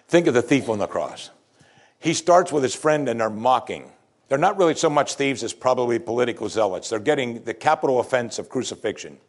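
Animated male preacher with a lively voice. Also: mid-range voice, a little fast. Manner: animated preaching, voicing quoted speakers, swings from loud to hushed. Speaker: pastor. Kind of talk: sermon.

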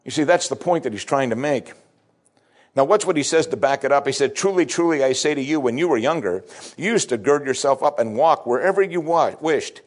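A middle-aged man preaching a sermon, acting out scripture dialogue with big swings in his voice. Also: fairly quick. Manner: expressive preaching, acting out scripture dialogue with sweeping pitch shifts. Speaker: pastor.

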